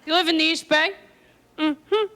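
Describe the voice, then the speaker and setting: Quirky high-voiced woman doing stand-up. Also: steady tone. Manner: quirky, quick, self-mocking riffing; bantering with audience members. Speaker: stand-up comedian. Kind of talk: live stand-up comedy. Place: stage before a live audience. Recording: live audience laughter and noise.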